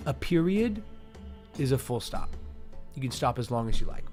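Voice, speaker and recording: A man's voice: medium pitch, big pitch swings, moderate pace, mellow, soft background music. A man, hosting a casual chat and eagerly explaining how to read Shakespeare verse. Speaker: host.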